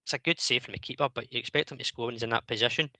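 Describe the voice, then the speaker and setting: A man hosting a football phone-in, giving steady, matter-of-fact match analysis. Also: mid-range voice, racing, dry recording, rough recording. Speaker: radio show host. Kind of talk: casual football chat.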